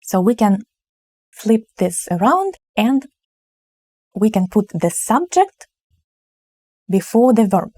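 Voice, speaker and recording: Slow-spoken woman teaching grammar. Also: medium pitch, big pitch swings, dark tone, dry recording. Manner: slow explanatory delivery, acts out example phrases. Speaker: Russian teacher. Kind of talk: grammar lesson at a board.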